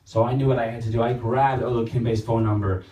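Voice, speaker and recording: Young man doing stand-up, deadpan. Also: medium pitch, fairly quick. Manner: deadpan storytelling, shifting into exaggerated put-on voices. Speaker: stand-up comedian. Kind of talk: stand-up set. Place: small open-mic room. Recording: roomy, distant phone livestream.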